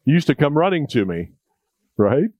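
A man's voice: fairly high pitch, big pitch swings, normal speed, darkish tone, dry recording. A male preacher delivering a sermon in a conversational, jokey way, repeating key points for emphasis.

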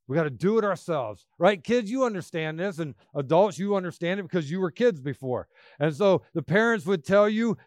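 A man preaching a sermon, emphatic, swinging between loud bursts and quiet asides. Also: high-pitched, dry recording, clean studio sound.

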